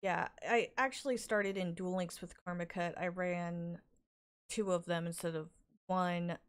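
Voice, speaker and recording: Woman, podcast guest, casual chat, hesitant with restarts, low voice. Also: fairly even intonation, measured pace, clean tone.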